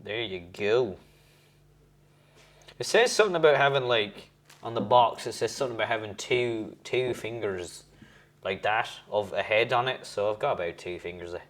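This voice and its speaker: This is a casual vlog where a young man reviews beers at home, tasting and rating them while rambling and correcting himself. He speaks at a moderate pace in a lowish, animated, fairly bright voice.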